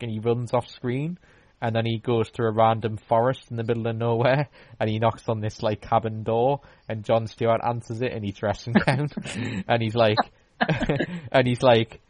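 A man's voice: mid-range voice, steady tone, normal speed, a little mellow, no echo. A man in casual chat, telling a long story with many fillers and restarts.

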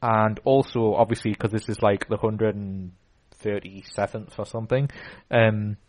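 A man's voice: on the low side, steady tone, normal speed, darkish tone. Rambling man hosting a podcast. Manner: rambling storytelling with many fillers. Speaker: podcast host. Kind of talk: casual podcast chat.

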